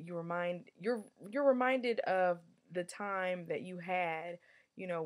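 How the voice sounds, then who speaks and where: A woman giving a casual vlog review as a travel reviewer, chatty, candid and playful, with frequent fillers. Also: fairly low pitch.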